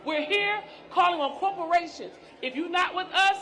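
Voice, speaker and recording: A woman's voice: very high-pitched, moderate pace, a bit bright. A woman speaking emphatically at an outdoor street rally, leading chants. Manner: emphatic, declarative. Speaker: rally speaker, organization president. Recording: crowd noise at outdoor rally.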